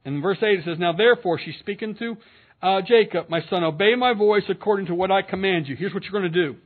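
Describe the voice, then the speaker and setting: A man's voice: high voice, fast talker. A man, a pastor, preaching an earnest sermon, reading scripture aloud and commenting between the verses. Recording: narrow phone-like sound.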